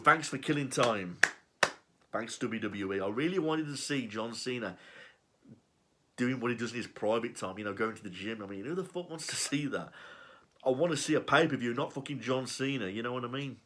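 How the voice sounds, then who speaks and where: A man's voice: mid-range voice, sharp tone. A man giving a sarcastic, profane, exasperated rant reviewing a wrestling show. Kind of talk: ranting review.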